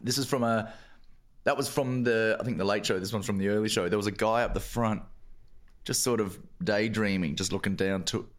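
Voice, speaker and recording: A man co-hosting a podcast, introducing clips and throwing in quick joking asides. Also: fairly low pitch, fairly even intonation. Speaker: podcast co-host. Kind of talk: casual chat.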